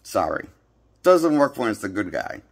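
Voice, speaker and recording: A man's voice: on the low side, big pitch swings, normal speed, breathy edge. A man giving a rambling, blunt casual movie review, recorded on a handheld phone. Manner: rambling, blunt, repeats himself. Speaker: movie critic.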